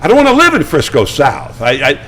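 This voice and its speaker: Chatty older man telling lively stories. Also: fairly high pitch, brisk, slight background noise, rough recording. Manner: animated, chatty anecdotes with stammered restarts. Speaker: guest. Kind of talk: casual storytelling. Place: studio.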